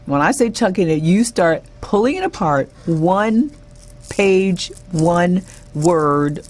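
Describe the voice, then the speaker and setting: A middle-aged woman coaching an audience in an emphatic, motivational way, often hammering a point by saying it three times. Her voice is slightly husky, and her pitch rises and falls with lively swings. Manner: emphatic, repeats key words in threes. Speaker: presentation coach.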